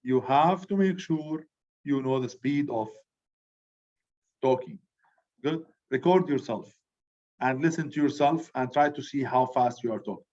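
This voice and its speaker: Loud animated male teacher, dull recording. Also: mid-range voice, a little slow, long pauses. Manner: loud, animated, repeats "good" as a check-in. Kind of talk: classroom lecture.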